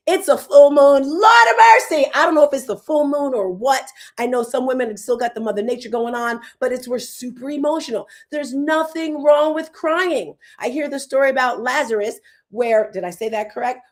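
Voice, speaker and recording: A woman's voice: on the high side, darkish tone. A middle-aged woman hosting a live online talk show, chatting in a conversational way and speaking straight to her audience and the chat. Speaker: host.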